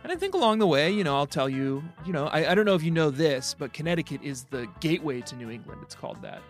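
A man's voice: on the high side, sing-song, quick pace, faint music behind. A man co-hosting a podcast in casual chat, joking and rambling with plenty of ums and likes. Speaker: podcast co-host. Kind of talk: casual chat about a video game.

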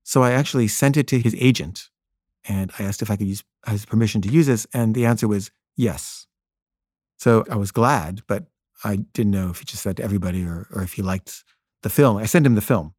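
A filmmaker recounting a personal anecdote in an earnest way, often stumbling into restarts mid-sentence. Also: male voice, lowish voice, fairly quick, darkish tone, no room sound, clean studio sound. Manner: earnest, with frequent stammered restarts.

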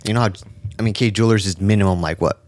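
A man co-hosting a podcast, telling stories in a relaxed, profane casual chat. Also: on the low side, rapid-fire, dry recording. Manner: laid-back, swears a lot, tells stories. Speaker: podcast co-host.

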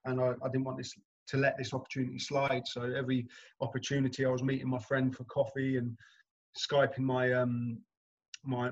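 A young actor, a guest in an interview, chats casually and tells animated anecdotes, laughing often. His voice is mid-range and the sound is lo-fi.

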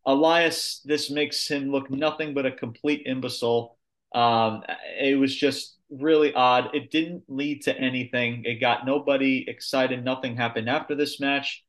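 A man co-hosting a podcast, giving a casual, animated wrestling review with blunt, sweary rants. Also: mid-range voice, unhurried. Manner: ranting, animated, swears freely. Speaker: podcast co-host.

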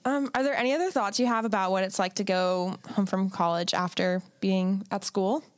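Reflective young woman giving gentle advice. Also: mid-range voice, steady tone, moderate pace, no echo. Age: young adult. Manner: reflective, gently advising, many "like" fillers. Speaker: podcast co-host. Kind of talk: casual chat.

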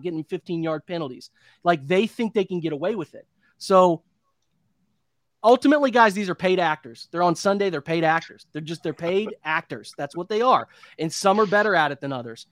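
A man's voice: sits high, no room sound, studio quality. A man in his thirties hosting a postgame sports show, venting in an impassioned, repetitive rant. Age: 30s. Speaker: podcast host.

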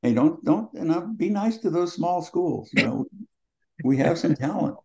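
A man's voice: fairly high pitch, animated, moderate pace, creaky, warm tone. A man in his seventies, a former quarterback, telling colorful, salty anecdotes as the guest in an interview. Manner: colorful, profane, laughing anecdotes. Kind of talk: storytelling in casual conversation. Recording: dull lo-fi sound.

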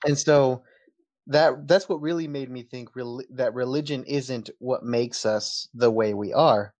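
A man with a light Texan accent talks casually as a podcast guest. His voice sits at an ordinary middle pitch, and he tells long stories with easy laughter breaking through. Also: a little slow, darkish tone. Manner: laughs often, storytelling.

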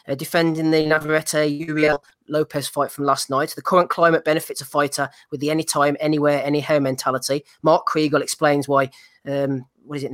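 A man's voice: fairly high pitch, a bit bright, dry recording. A man co-hosting a boxing podcast, reading out nominations with wry humor. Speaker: podcast co-host.

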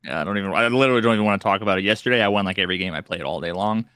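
A man co-hosting a podcast, telling stories in an animated, exasperated way with some swearing. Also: deep voice, racing, smooth, no room sound, studio quality. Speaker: podcast co-host. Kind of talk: casual chat.

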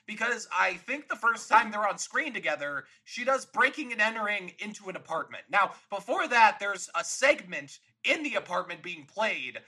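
A man's voice: sits high, very animated, normal speed, few pauses, bright, forceful tone, husky, low-quality recording. A man co-hosting a podcast, chatting casually about a movie and laughing easily. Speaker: podcast co-host.

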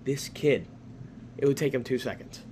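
A young man from the Chicago area with a slight Chicago accent, co-hosting a live sports podcast in casual chat, excitable and cursing freely. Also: mid-range voice, a little hiss or hum. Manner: excitable, swears freely, quick to laugh. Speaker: podcast co-host.

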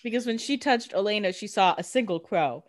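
A young woman co-hosting a podcast, chatting casually about a TV episode with quick jokes and plenty of "like". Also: mid-range voice, animated. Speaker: podcast co-host. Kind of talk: casual recap chat.

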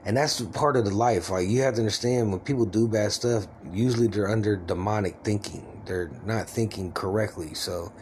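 A man's voice: fairly low pitch, moderate pace, few pauses, darkish tone, a little hiss or hum. A man in his forties rambling in a casual, confiding vlog about his life, his luck and his name. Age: 40s. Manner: rambling, confiding, self-deprecating.

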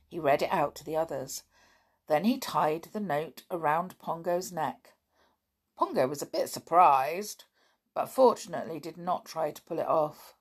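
A woman reading a children's story aloud, gentle and expressive. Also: slow, slightly rough. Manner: gentle, expressive, raises pitch for children's voices.

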